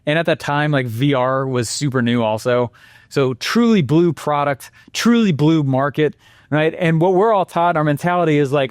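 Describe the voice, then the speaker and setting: A man presenting a marketing lesson with energetic, animated storytelling and exclamations. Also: fairly high pitch, normal speed, no echo.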